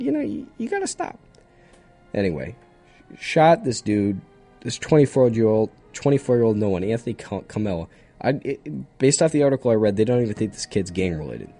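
A man's voice: lowish voice, dark tone. A young man hosting a solo radio show, chatting casually in a rambling, jokey way that keeps drifting off topic, and running on no sleep. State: sleep-deprived.

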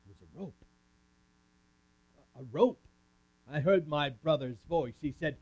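A man's voice: fairly high pitch, unhurried, long pauses, a little mellow. A man giving a first-person dramatic monologue as a camp speaker, talking with an audience volunteer in a theatrical way. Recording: muffled lo-fi recording.

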